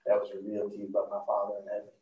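A man voicing Jesus as a calm, gentle teacher, quietly and low in a retold story. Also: racing, narrow, tinny audio, natural voice. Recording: roomy, far from the mic.

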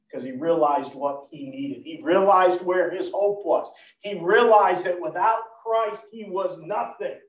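A man preaching a storytelling sermon, animated, swinging from loud to hushed. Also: on the high side. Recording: roomy, far from the mic.

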